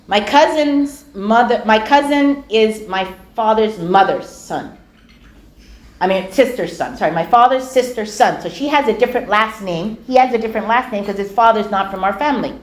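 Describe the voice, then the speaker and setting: A middle-aged woman giving a storytelling lecture, animated and acting out the dialogue of her anecdotes. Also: a little high, moderate pace. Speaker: speaker giving a talk on dawah. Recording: echoey room.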